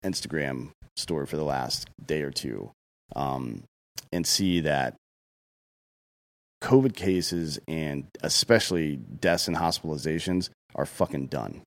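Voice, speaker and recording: A deep-voiced man holds forth on a casual podcast. His talk is blunt and heated, thick with profanity, the tone of someone airing strong opinions. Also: animated, measured pace. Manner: blunt, heated, swears often. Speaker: podcast co-host.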